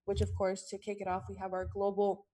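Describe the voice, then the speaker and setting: A woman's voice: medium pitch, completely flat delivery, fairly quick, warm tone. A young woman in her twenties hosting a radio show, chatty and friendly with light laughs.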